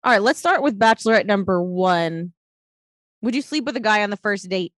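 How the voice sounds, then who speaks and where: A woman's voice: mid-range voice, lively intonation, fairly quick, fairly bright tone, no room sound, studio quality. A woman co-hosting a comedy podcast, running a playful dating game with lots of laughter and exclamations. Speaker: podcast co-host.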